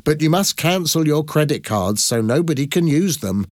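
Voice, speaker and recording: A man reading an audiobook and voicing a brisk, polite policewoman. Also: fairly high pitch, animated, no room sound, clean studio sound, pitched above the performer's own voice, lightly acted.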